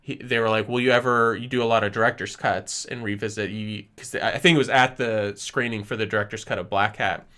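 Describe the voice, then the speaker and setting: Bright-voiced man telling film stories. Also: lowish voice, fairly even intonation. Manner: chatty and storytelling, with quick asides. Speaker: co-host of a film discussion stream. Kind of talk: casual chat.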